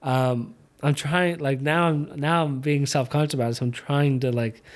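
A man's voice: fairly high pitch, fairly even intonation, moderate pace. Rambling man chatting on his podcast. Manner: rambling, many fillers and restarts; slips into a slight Southern twang on country music. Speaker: podcast host. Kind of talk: casual solo chat while watching fights.

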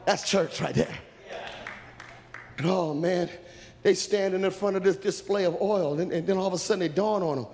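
Preacher, comic storyteller, high gravelly voice, long church reverb. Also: male voice, moderate pace, long pauses, slight background noise. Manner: animated, humorous, shouting preacher. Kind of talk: storytelling sermon. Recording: echoey church hall.

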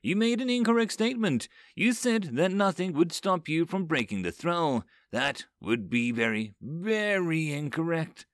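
A man voicing an ancient, pleasant cosmic being that speaks calmly and precisely. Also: medium pitch, normal speed, no room sound, studio quality.

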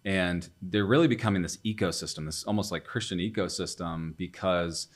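Deep-voiced man telling stories. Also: moderate pace. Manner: animated storyteller, acts out quoted dialogue. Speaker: guest, business owner and ministry leader. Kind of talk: casual podcast storytelling.

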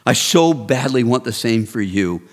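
A man in his sixties giving an earnest, direct ministry talk, building to excited, emphatic storytelling. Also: mid-range voice, normal speed. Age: 60s. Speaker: men's ministry leader. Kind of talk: personal testimony talk.

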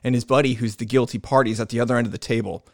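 A man hosting a casual interview, telling a prank story in a relaxed, joking way with some swearing. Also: mid-range voice, rapid-fire, creaky, dry recording, clean studio sound. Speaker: podcast host. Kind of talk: casual chat.

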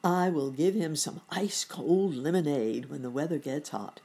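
A woman voicing a kindly, fussy old gentleman rabbit in a storybook reading. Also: sits low, moderate pace, husky. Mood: pleased.

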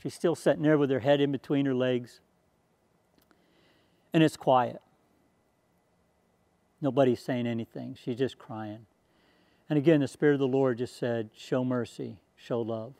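A man's voice: medium pitch, steady tone, moderate pace, long pauses, mellow, dry recording. A man telling a personal story in an earnest, conversational way, slipping into sermon-like appeals. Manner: earnest, conversational, turns preachy at the end. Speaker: speaker sharing a testimony.

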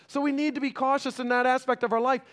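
A pastor preaching a sermon in a conversational way, often checking in with the congregation and dropping to a hushed, slow delivery for emphasis. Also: male voice, very high voice, little pitch movement. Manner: swings between raised emphasis and hushed, slowed delivery.

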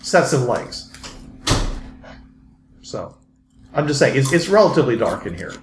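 A man narrating a tabletop game as game master, halting with many fillers. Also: mid-range voice, big pitch swings. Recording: echoey room with faint noise.

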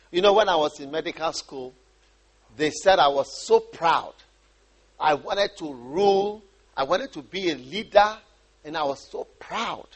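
A man from Ghana preaching a sermon, animated and often repeating and restarting his phrases. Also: fairly high pitch, unhurried, breathy edge.

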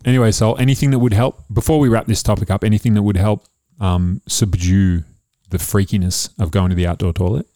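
A man's voice: on the low side, fairly even intonation, brisk, warm tone, dry recording, clean studio sound. A man, a father hosting a casual family podcast and joking with his kids. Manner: playful, teasing, jokey.

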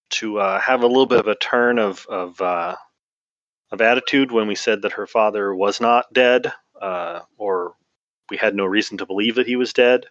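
Measured male tabletop player. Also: mid-range voice, a bit bright, no room sound, highs cut off. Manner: measured, careful, with frequent fillers. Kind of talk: tabletop game play and in-character talk.

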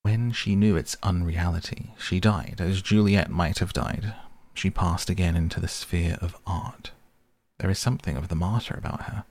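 Guy reading as a vain young dandy, low gravelly voice, drawls on and on. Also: moderate pace, darkish tone. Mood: languid. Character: young male aesthete, cool and self-absorbed.

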